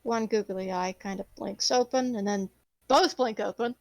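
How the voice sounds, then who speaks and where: A woman's voice: medium pitch, normal speed, gravelly, a little mellow, dry recording. A woman narrating a tabletop game as the game master. She rambles expressively and swears casually.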